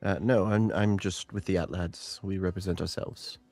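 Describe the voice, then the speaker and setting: A man voicing a vain, smooth-talking half-elf bard who stammers on restarts. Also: low-pitched, fairly even intonation, moderate pace, darkish tone, faint music behind. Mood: charming. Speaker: player.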